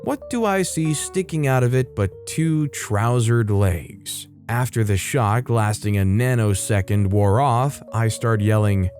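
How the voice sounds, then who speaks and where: A man's voice: medium pitch, animated, measured pace, few pauses, darkish tone. Casual male story narrator, guitar underneath. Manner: casual, conversational, wry asides. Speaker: host reading online stories. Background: faint guitar music.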